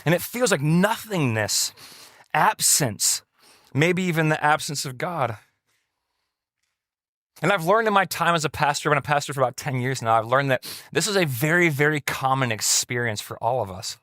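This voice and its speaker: A male pastor tells a personal story from the pulpit, casual and conversational, lifting his voice high when he quotes others. His voice sits a bit high for a man, and the recording is dry and close. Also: normal speed, no room sound. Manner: conversational, animated quoting of others in raised voice. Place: church setting.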